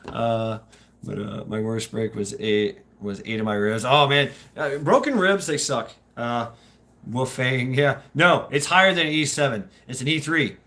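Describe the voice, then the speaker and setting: A man's voice: medium pitch, a little slow, pushed and bright. A man hosting a casual live stream, chatting with viewers in a rambling, profane way, laughing often and restarting his sentences. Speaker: streamer host.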